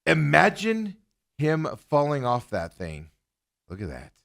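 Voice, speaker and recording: Male sports talk host, bouncy pitch, jokey and chuckling. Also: huge pitch swings, unhurried, creaky, a bit bright. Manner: joking, chuckling often, restarts. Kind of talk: casual sports banter.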